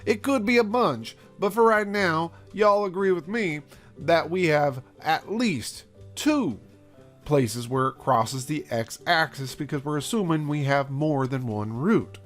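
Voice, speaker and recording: A man's voice: a little high, expressive, measured pace, faint music behind. A man playing a folksy trial lawyer, addressing a jury in a theatrical courtroom way with a put-on accent.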